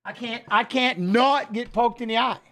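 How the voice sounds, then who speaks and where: Brief: middle-aged male host, high-pitched voice, loose, profane, joking chatter. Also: normal speed, a bit bright. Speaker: show host. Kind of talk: casual livestream chat.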